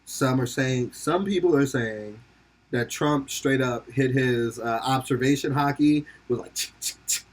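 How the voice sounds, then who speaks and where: With a medium-pitched voice and a slightly slow delivery, a young podcast host rambles through jokey, casual commentary. He laughs a lot, swears freely and adopts silly put-on voices for quotes.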